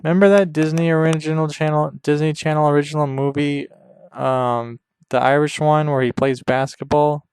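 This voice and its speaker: Man, podcast host, deadpan crude rambling, smooth clear voice, dry close mic. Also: a little high, normal speed, no echo. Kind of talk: rambling comedic monologue over gameplay.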